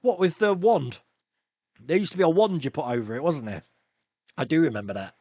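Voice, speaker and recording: A man's voice: a little high, animated, fairly quick, dark tone, no room sound. A man hosting a live stream, chatting casually and rambling through viewer comments with frequent laughs and restarts.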